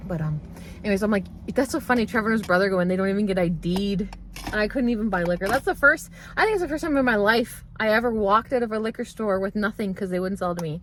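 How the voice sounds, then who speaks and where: A woman in her thirties telling a story in a casual vlog, chatty and animated, laughing often as she talks while moving around a room at home. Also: medium pitch, quick pace, slight background noise. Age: 30s. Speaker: vlogger.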